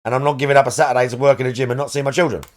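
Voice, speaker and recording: Rambling male game streamer, mid pitch. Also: steady tone, rapid-fire. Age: adult parent. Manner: rambling, searches aloud for words. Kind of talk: casual live-stream chat.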